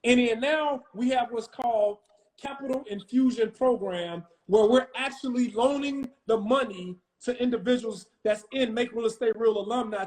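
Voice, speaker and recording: A man's voice: extremely high pitch, low-quality recording. A man talking as a real estate investor guest in a casual live-stream chat, emphatic and slangy, repeating his phrases. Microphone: phone on a live stream.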